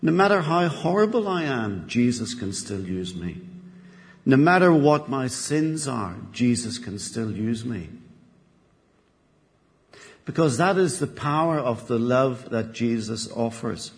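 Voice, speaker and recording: A man preaches in a church, his voice carrying a long reverb through the hall. He builds his points with rhythmic repetition and tells stories with lively energy. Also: mid-range voice, a little slow. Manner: animated storytelling, building repetition. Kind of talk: sermon with a joke.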